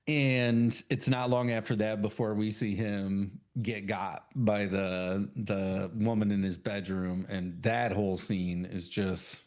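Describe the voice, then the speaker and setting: A man's voice: lowish voice, steady tone, takes it slowly, few pauses, a little mellow. A man co-hosting a casual podcast, eagerly retelling film scenes, swearing often and acting out characters' lines. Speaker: podcast co-host. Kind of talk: casual chat.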